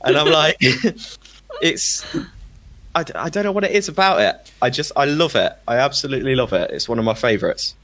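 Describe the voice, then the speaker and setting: A man's voice: medium pitch, expressive, normal speed, fairly bright tone. A man chatting casually on a podcast, enthusiastic, laughing often and stumbling over repeated words. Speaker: podcast regular recommending a film. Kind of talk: casual chat.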